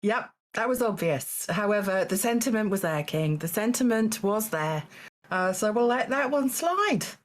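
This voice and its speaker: Woman, mid-pitched voice, stream game host, calm and polite, lots of fillers. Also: normal speed. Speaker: game show host reading donations. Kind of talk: hosting a live charity stream game.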